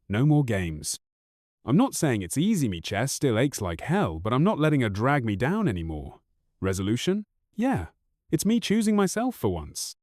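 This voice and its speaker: A man's voice: medium pitch, darkish tone, no echo, clean studio sound. A man in his thirties narrating a first-person story in a bitter, raw, profane way.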